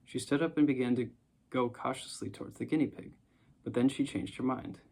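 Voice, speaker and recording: An audiobook narrator reads a storybook aloud in a calm, measured way. His voice has a noticeably gravelly grain, and his pitch sits in the ordinary middle range for a man.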